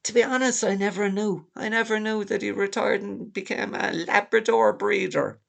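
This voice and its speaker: A man's voice: sits high, normal speed, vocal fry, pitched above the performer's own voice. A man putting on the voice of his easygoing, tipsy father of about seventy. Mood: earnest.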